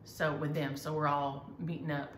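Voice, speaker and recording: A woman's voice: low voice, little pitch movement, moderate pace. A middle-aged woman, chatting casually and enthusiastically as she shows her needlework. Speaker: needlework vlogger. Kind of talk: casual chat. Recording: echoey room, faint ambient noise.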